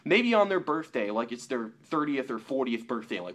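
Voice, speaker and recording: A young man delivers an opinion vlog with a lively, swinging pitch. He argues his point at length and imitates the people he disagrees with in a lower, mocking tone. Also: normal speed. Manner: animated, mocking quotes in a lower voice. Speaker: YouTuber.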